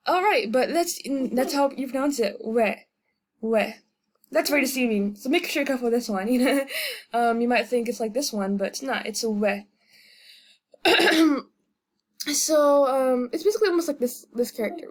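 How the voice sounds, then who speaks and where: A native English-speaking woman giving a casual video lesson, hesitant and full of ums as she slowly sounds out vowels one by one. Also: high voice. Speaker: language tutorial host.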